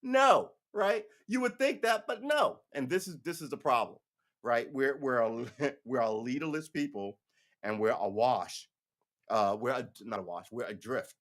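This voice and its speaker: Unhurried and a bit bright, a man's mid-range voice carries his own podcast as he does casual solo livestream commentary. His talk is improvised, blunt and rambling, full of restarts and sprinkled with swearing.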